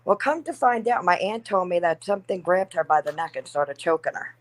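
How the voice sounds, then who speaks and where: A woman in casual conversation, telling a haunting story in an animated, profane way and acting out what people said. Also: fairly low pitch, fairly quick, rough recording. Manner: animated, profane, acts out quoted lines. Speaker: guest.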